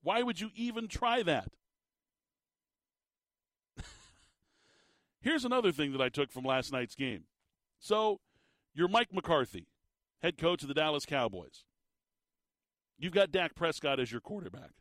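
Animated man on sports radio. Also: on the high side, measured pace, pauses often, dry recording, studio quality. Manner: animated, incredulous rants with laughs. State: fatigued voice, slightly squeaky. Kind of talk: sports talk radio monologue.

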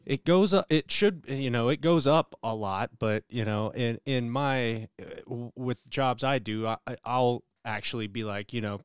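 A man's voice: mid-range voice, normal speed, hardly any pauses, smooth, no echo, clean studio sound. A man co-hosting a podcast, easygoing and practical, laughing along in casual chat. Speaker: podcast co-host.

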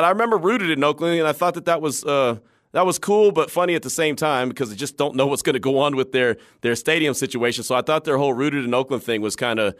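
A man hosting a sports talk radio show, chatting with animated energy and laughing easily. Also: mid-range voice, fast talker, no room sound, clean studio sound.

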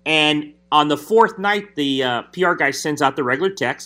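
A man, a hockey reporter, telling an animated story in casual chat. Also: a little high, normal speed.

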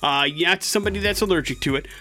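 A man's voice: high voice, very fast, sharp tone, faint music behind. A man hosting a morning radio show, telling a news story in a chatty, wry way. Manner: chatty and wry, with a dry joking aside. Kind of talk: casual radio banter, storytelling a news item.

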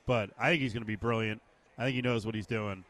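A man's voice: on the low side, fairly even intonation, quick pace, a bit bright. A man in his fifties hosting a sports talk show, steering the chat with strong opinions. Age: 50s. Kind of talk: casual sports radio chat.

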